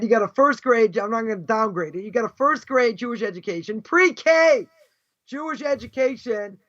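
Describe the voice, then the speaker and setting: A man's voice: very high-pitched, a bit bright, lo-fi sound. A man teaching as a rabbi in a live class, pressing his points with scornful rhetorical questions. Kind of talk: live Torah lecture.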